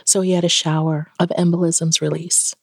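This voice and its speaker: A woman's voice: fairly low pitch, moderate pace, creaky, dry recording, clean studio sound. A middle-aged woman, a podcast guest, telling a personal story in an interview and acting out the dialogue in it. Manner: animated, acts out quoted dialogue.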